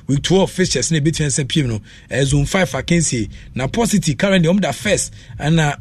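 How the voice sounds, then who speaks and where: A man with a Ghanaian accent presenting a sports radio show, rambling and mixing in many fillers. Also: fairly high pitch. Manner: rambling, switches between Twi and English with many fillers. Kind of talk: casual sports radio talk.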